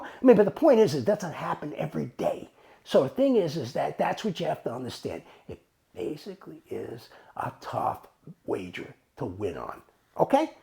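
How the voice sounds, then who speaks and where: Here a man whose voice runs on the high side, with vocal fry, spins a casual story laced with profanity. Animated in delivery, he performs the dialogue by voicing both parties.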